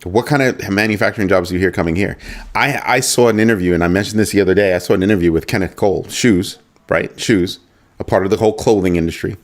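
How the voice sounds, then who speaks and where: A man's voice: sits low, quick pace. A man hosting a casual livestream, musing aloud with rhetorical questions and reading out viewer chat. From United States. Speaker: livestream host.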